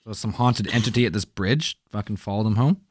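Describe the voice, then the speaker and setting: A young man co-hosts a podcast in loose casual chat. He rambles, restarts his thoughts and swears often. His voice sits fairly low and is recorded close and dry. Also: fairly quick, breathy edge, dry recording. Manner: rambling, hesitant, swears a lot. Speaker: podcast co-host.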